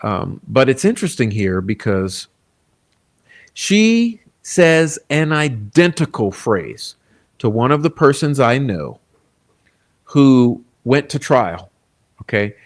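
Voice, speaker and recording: A man in mid-range pitch hosts a live stream, giving pointed commentary in a casual, emphatic way. He swears freely and keeps tagging his points with a quick "okay?". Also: very animated. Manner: blunt and emphatic, often checks in with "okay?". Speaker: true crime channel host. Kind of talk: live-stream commentary reading and reacting to quotes.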